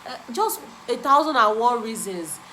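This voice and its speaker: A young woman talks straight to camera in a bright, somewhat high voice. She preaches self-help in an emphatic way and says each point again and again to drive it home. A faint hum of ambience sits behind her. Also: animated, normal speed, poor audio. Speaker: vlogger. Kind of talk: motivational self-help talk.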